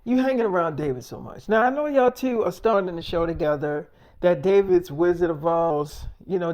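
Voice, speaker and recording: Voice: medium pitch, darkish tone, lightly acted. A storyteller voicing a strict, blunt middle-aged mother who scolds and lectures her teenage daughter.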